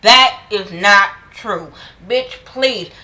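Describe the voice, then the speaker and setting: Woman, vlogger, casual episode recap, blunt, profane, slang-heavy, sharp bright tone. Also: medium pitch, drawn-out words, low-quality recording. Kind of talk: casual episode review commentary.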